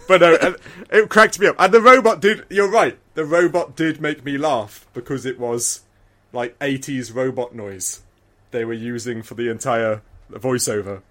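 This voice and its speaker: A man's voice: medium pitch, moderate pace, bright, forceful tone. A man co-hosting a podcast in casual chat, rambling with lots of restarts and frequent laughter. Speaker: podcast co-host.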